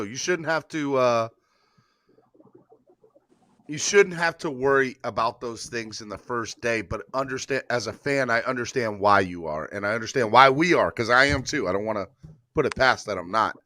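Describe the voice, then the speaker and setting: Bright-voiced man hosting a sports podcast. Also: mid-range voice, expressive, normal speed. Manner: laid-back, hands the floor to guests. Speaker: podcast host. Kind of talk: casual sports podcast chat.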